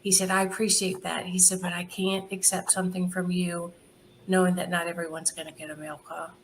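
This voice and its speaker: Middle-aged lady guest telling stories, laughs a lot, acts out what folks said, bit of a low voice. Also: a little fast, slight background noise. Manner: lively anecdotal, laughs often, acts out quoted dialogue. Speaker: charity founder guest. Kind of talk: casual interview storytelling.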